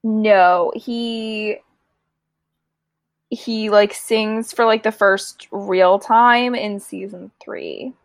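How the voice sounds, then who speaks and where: A woman's voice: mid-range voice, fairly even intonation, drawn-out words, vocal fry, no room sound. A woman co-hosting a casual chat, agreeable and filling in details, tired and yawning. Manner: agreeable, fills in show details. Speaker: podcast co-host.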